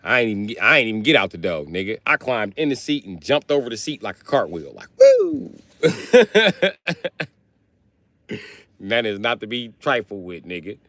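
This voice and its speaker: A man on a live stream telling a funny family story, animated and profane, with heavy slang. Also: fairly low pitch, quick pace, few pauses, dry recording. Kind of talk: comic storytelling.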